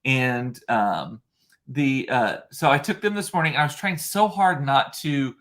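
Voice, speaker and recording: A man's voice: medium pitch, unhurried, a bit bright. Male host, casual solo chat, mid-range voice, chatty and rambling with lots of fillers.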